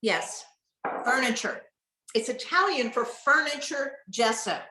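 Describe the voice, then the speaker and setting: Woman, middle-aged, finishing instructor; animated storyteller, bright and fairly high voice, echoey room. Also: unhurried. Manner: animated storyteller, acts out what people said. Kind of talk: casual online mentoring session. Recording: roomy echo.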